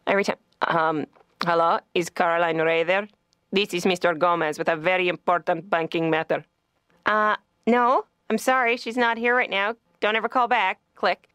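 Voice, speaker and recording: A woman's voice: lowish voice, steady tone, moderate pace, fairly bright tone, clean tone, no room sound, studio quality, natural voice. A woman voicing a self-mocking comedian patient in a cartoon, chatty and wry. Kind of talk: cartoon stand-up monologue.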